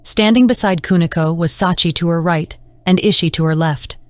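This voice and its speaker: Woman audiobook narrator, low and steady, dry close recording. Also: moderate pace, dry recording. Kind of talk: scripted narration.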